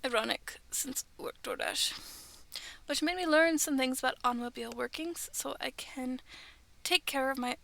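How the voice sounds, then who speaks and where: A woman's voice: sits high, normal speed, gravelly, sharp tone. A young woman streaming from her bedroom, chatting in a rambling, giggly way that often drops to a whisper. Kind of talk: casual chat on a livestream.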